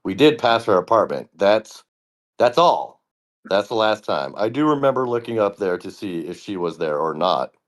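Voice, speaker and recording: A man reading as a flat, low-voiced woman plaintiff. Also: normal speed. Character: woman in a court dispute, plaintiff. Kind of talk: comedic court transcript reading.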